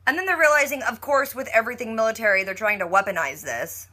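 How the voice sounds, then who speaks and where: A woman's voice: a little high, expressive, fast talker, sharp tone. A woman giving a casual, chatty recap of a TV episode, full of "like" and playful mock quotes of the characters. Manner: chatty, heavy use of "like".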